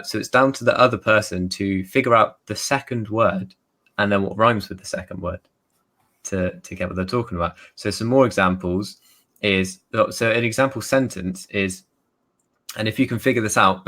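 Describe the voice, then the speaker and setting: British man, lowish voice, casual video call chat, explains with examples. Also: normal speed, a bit bright. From United Kingdom. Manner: chatty, explains with examples and laughs. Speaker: guest author.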